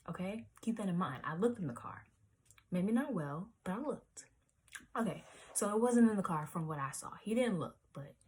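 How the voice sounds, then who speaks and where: With a lowish voice carrying a breathy edge, a young woman in her twenties rambles through a storytime vlog. Her speech is packed with "like" and "um," and now and then she falls to a whisper.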